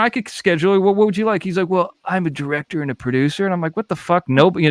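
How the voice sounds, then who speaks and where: A man's voice: medium pitch, fairly bright tone, dry recording. A man in his thirties from the Los Angeles area, telling a story in a casual podcast chat, swearing freely and acting out both sides of phone calls. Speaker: podcast host.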